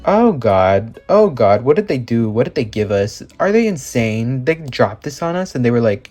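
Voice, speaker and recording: A man chatting in a casual vlog, gushing over his subject with breathless excitement, filler words and offhand swearing. His voice sits at an ordinary middle pitch, with faint music playing softly underneath. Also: moderate pace, hardly any pauses. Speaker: doll collector and reviewer.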